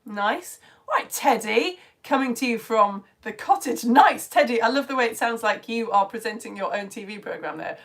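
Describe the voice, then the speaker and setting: A woman's voice: a little high, big pitch swings, normal speed. A woman teaching online, chatting through viewers' comments on a live stream in a bubbly way, with whispered asides and a slightly strained throat.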